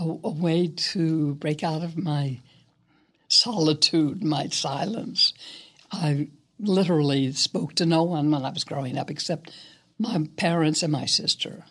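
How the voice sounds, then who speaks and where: An older woman, a guest actress, telling stories in an interview in a reflective, unhurried, somewhat hesitant way. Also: deep voice. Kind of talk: interview storytelling.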